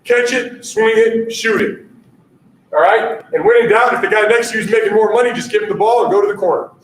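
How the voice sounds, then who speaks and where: A man giving an energetic basketball coaching talk at a conference, punchy and repetitive, checking in with "all right?" all the time. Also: high-pitched, fairly quick. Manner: energetic, punchy, repeats catchphrases, keeps asking "all right?". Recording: echoey room audio from a distance.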